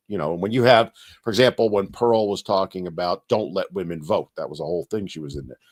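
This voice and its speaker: A man in his sixties hosting a casual live-stream Q&A, reading viewer comments and talking freely with lots of fillers. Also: deep voice. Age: 60s. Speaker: channel host and activist. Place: home studio. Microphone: streaming setup.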